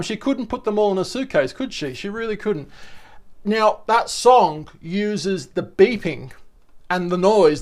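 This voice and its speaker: A man's voice: sits high, animated, unhurried. A man, chatting casually to camera in a rambling, enthusiastic vlog. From Australia. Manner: rambling, chatty, with restarts and asides. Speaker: vlogger.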